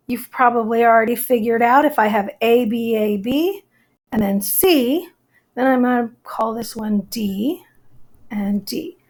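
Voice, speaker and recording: Woman teacher, high voice, slow and deliberate, recorded lesson, counts things out step by step.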